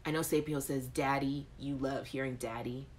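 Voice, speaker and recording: A woman's voice: very deep voice, normal speed, slight background noise. A woman hosting a casual live chat show, reading out viewer comments in a playful, frank way. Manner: animated, playful and frank, with laughter.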